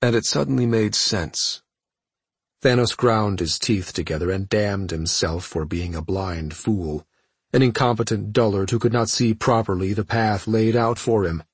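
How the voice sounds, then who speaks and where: Husky guy narrating an audiobook, dry close sound, steady. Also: lowish voice, normal speed, dry recording. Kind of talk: scripted narration.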